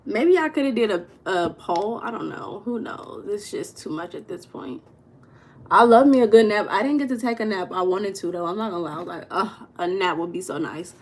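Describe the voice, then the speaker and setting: A woman's voice: medium pitch, lively intonation, fairly quick, darkish tone. A young woman hosting a casual livestream, talking loosely and greeting viewers in the chat by name. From United States. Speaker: livestream host.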